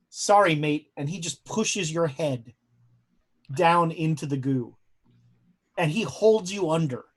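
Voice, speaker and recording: A young man narrating a tabletop horror game as game master, telling eerie dream scenes with dramatic pauses and frequent hesitant fillers. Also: sits high.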